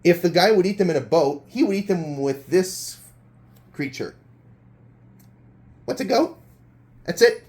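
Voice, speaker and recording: A man's voice: on the high side, expressive, moderate pace, a little mellow. A man hosting a homemade quiz show role-play, reading clues with hesitant hums and restarts. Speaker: game show host.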